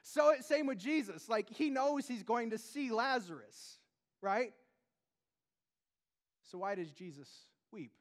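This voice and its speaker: A man preaching a sermon as pastor, in a chatty, conversational way full of asides and questions to the congregation, swinging between loud emphasis and hushed tones. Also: very high-pitched, lively intonation, measured pace, long pauses. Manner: conversational, peppered with "like" and "right?".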